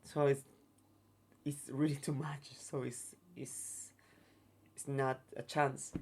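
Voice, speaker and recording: Interview guest: man, broken English, many restarts, middling pitch. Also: level tone, takes it slowly, darkish tone. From Mexico. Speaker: guest, circus artist. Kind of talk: casual storytelling interview.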